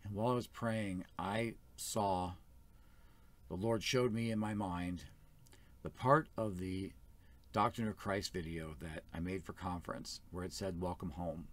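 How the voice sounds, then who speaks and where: A man's voice: sits low, measured pace. A man speaking as first elder of a small church, giving an earnest, plain-spoken sermon.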